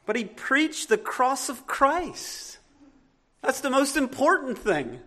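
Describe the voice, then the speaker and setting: A man's voice: extremely high pitch, sing-song, slow pace, pushed and bright. A man with a Southern US accent preaching a sermon as a pastor, earnest and emphatic, often restarting his sentences.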